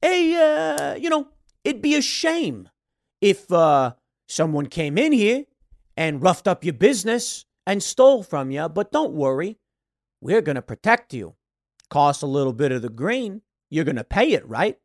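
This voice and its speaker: A man's voice: high-pitched, very animated, measured pace, no echo, studio quality, heavily acted. A man voicing a menacing male extortion racketeer who makes threats in a mock-friendly way.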